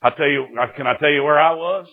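Middle-aged preacher, fervent testimony with frequent amens, tinny lo-fi recording. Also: male voice, fairly high pitch, fast talker, crowd noise. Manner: fervent storytelling, punctuated with "Amen". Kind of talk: sermon testimony. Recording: tinny lo-fi phone-like sound.

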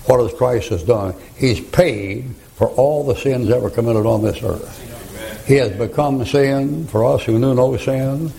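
An older man preaches a folksy, story-filled sermon, chuckling as he goes and rising into shouted rhymes. His voice is medium-pitched, unhurried, and gravelly, captured in a rough recording.

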